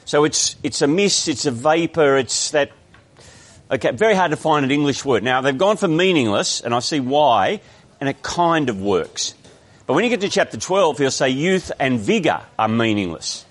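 A man's voice: fairly high pitch, big pitch swings, normal speed. A man with an Australian accent preaching a sermon, explaining a text in a conversational way with frequent restarts.

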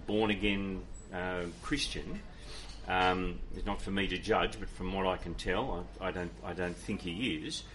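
A man's voice: on the low side, a bit bright. Irish guy preaching, chatty and earnest, lots of ums, slight hiss in the background. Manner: earnest, conversational, many fillers and restarts. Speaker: pastor. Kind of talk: sermon with audience questions.

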